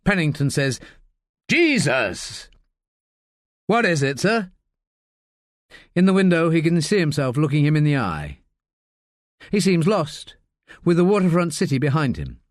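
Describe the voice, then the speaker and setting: A man narrating an audiobook in an expressive, measured storytelling manner. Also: a little high, no room sound, clean studio sound.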